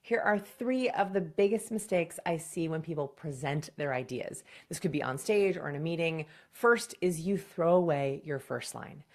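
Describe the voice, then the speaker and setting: A woman's voice: low voice, expressive. A woman communication coach giving direct, punchy presentation advice in a scripted video. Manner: direct, punchy advice with quick acted examples.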